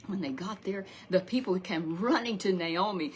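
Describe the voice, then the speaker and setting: A woman's voice: medium pitch, expressive, normal speed, hardly any pauses, a little hiss or hum. A woman telling a Sunday Bible story to a puppet, rambling and repeating herself with many restarts.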